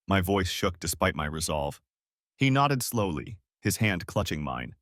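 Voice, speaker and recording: A middle-aged man reading a first-person story as an audiobook narrator, steady and earnest. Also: deep voice, measured pace, dry recording, clean studio sound.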